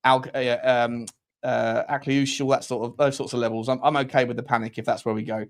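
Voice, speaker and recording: A man's voice: mid-range voice, flat delivery, brisk. A man hosting a casual live-stream football chat, joking and reading out viewer messages. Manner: chatty, jokey, reads out viewer messages. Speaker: podcast host.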